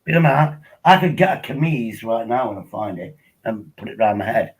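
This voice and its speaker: Older guy, husky and lowish, chats rambly with his stream from a laptop at home. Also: lively intonation, fairly quick, rough recording. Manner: rambling, chatty, friendly. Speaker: live-streamer. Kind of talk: casual live-stream chat.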